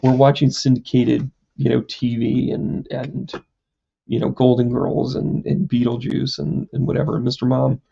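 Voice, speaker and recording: A man's voice: mid-range voice, level tone, moderate pace, vocal fry, mellow, breathy edge, dull audio. A man, a psychic medium, chatting casually on a live stream, rambling through a story with lots of fillers and self-mocking jokes.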